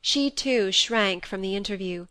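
A woman reads a classic novel aloud in a measured, even manner, at a middle pitch. The recording is dry and close, with no echo. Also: smooth. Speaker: audiobook narrator. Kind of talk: scripted narration.

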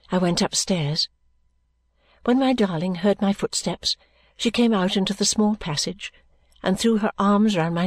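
A woman narrating a classic novel as an audiobook, in a measured, gentle reading. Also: mid-range voice, no room sound.

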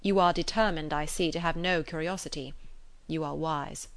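Figure: a woman reading as an earnest gentleman suitor. Sex: woman. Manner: measured, tender. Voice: lowish, dry. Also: steady tone, no room sound.

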